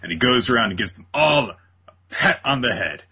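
Speaking a little fast with lively intonation, this medium-pitched co-host has vocal fry, a sharp tone, and a breathy edge. He's recapping a manga chapter on a casual talk show, jumping into quoted voices of the characters.

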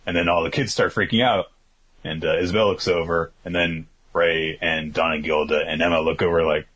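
Husky low-voiced man chatting. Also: fairly even intonation, brisk, a bit bright. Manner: rambling, filler-heavy retelling. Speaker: podcast host recapping manga. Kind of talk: casual chat.

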